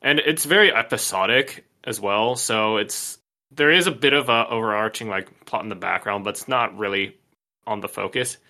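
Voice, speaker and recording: A man co-hosting a podcast, chatting in a relaxed, easygoing way. His voice sits a little low. It has a bright, forward edge. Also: normal speed. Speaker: podcast co-host. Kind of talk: casual podcast chat.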